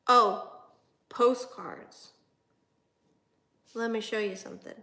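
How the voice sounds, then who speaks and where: Chatty excitable woman, bright voice. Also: medium pitch, slow, reverberant. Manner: chatty, excitable, jumps between topics. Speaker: antique reseller hosting a livestream. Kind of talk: casual live chat with viewers.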